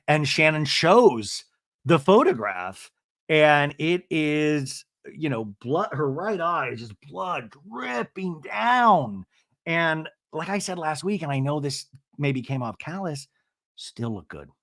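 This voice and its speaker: Chatty guy host dishing on reality tv, voice on the higher side, swoops all over, swears a lot. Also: sing-song, slow pace, fairly bright tone. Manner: gossipy, profane, self-mocking. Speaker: podcast host. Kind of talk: comedic reality TV recap.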